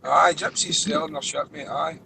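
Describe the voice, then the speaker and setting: Gravelly man chiming in. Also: a little high, steady tone, moderate pace, pushed and bright, a little hiss or hum. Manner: chiming in with short agreeing asides. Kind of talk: casual group chat.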